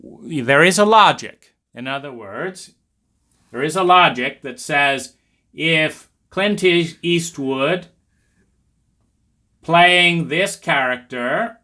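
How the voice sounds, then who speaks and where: A man's voice: a little high, slow pace, bright, forceful tone. A man giving a lecture-style talk, speaking animatedly and acting out family scenes as he goes. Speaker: speaker on trauma. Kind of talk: lecture monologue.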